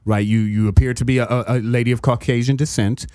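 A man's voice: mid-range voice, steady tone, quick pace, a little mellow, no room sound, studio quality. A man from Detroit co-hosting a podcast in casual chat, rambling with restarts and tag questions. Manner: rambling, restarts, frequent "right?". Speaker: podcast co-host.

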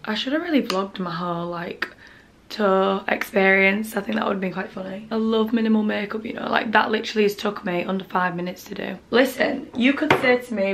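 A woman's voice: medium pitch, a little fast, gravelly, background noise. A young woman chatting candidly to camera in a home vlog, grumbling and sometimes dropping to a murmur. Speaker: vlogger. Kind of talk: casual vlog chat. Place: at home, bedroom.

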